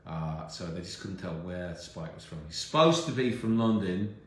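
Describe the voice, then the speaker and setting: A middle-aged American man chatting casually while signing autographs, relaxed and rambling with many fillers. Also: sits low, normal speed. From United States. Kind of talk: casual chat during a live autograph stream. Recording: very echoey room, faint background hum.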